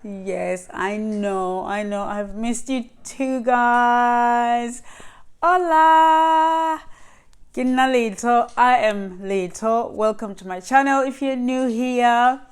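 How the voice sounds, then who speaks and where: A woman's voice: fairly high pitch, steady tone, slow pace, few pauses, clear, resonant tone. A young woman from Lesotho, talking casually to camera in a hesitant vlog with many fillers and restarts. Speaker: vlogger.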